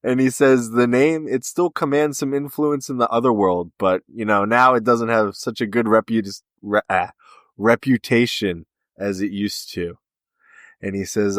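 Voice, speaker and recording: A man's voice: medium pitch, steady tone, measured pace, a bit bright, no room sound, studio quality. A man co-hosting a podcast, casually recapping a story scene by scene and quoting the characters' lines. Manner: retells scenes with quoted dialogue. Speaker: podcast co-host.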